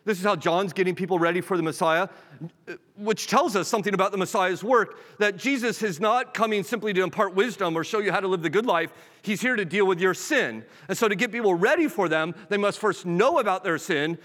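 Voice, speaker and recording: A man's voice: high voice, fairly quick, a bit bright, big-room sound. A pastor preaching a sermon in an earnest, direct way, often restarting his phrases.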